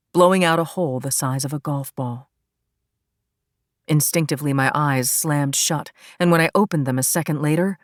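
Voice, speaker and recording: A woman's voice: sits low, dry recording, clean studio sound. A woman reading a first-person crime thriller as audiobook narrator, in a tense, dramatic manner.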